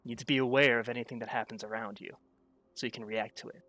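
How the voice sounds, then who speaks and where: A man's voice: mid-range voice, level tone, quick pace, sharp tone, lightly acted. A man voicing an earnest, easily distracted male head bodyguard who talks hesitantly and stammers. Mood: instructive.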